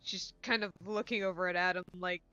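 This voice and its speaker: Woman player, bright voice, wry, thinks out loud, casual table chat. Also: on the low side, fairly even intonation, brisk, clean tone, highs cut off, soft background music.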